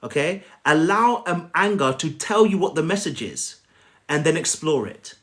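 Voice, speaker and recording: Emphatic male coach, lively voice. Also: fairly high pitch, normal speed. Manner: emphatic, often checks in with "okay?"; addresses viewers by name. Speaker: life coach. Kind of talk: coaching talk on a live stream. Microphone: phone on a live stream.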